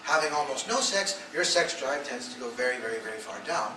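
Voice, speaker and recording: Over music, a man with a medium-pitched, lively voice speaks a little fast, delivering a blunt, provocative talk to a live crowd and performing the voices of the people in his stories. The clip is an echoey, distant recording from an audience phone camera in an event hall.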